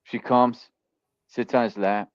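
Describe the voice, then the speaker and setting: A man's voice: medium pitch, flat delivery, takes it slowly, clear, resonant tone, no echo. A man hosting a casual movie podcast, talking emphatically and repeating himself when he cuts in. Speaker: podcast host. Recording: dry, dull lo-fi mic.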